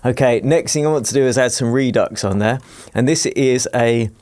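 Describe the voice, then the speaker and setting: A man teaching music production in a screen-recorded tutorial, explaining each step in a relaxed, jokey way. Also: medium pitch, moderate pace, no room sound. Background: faint dance music playing from his project.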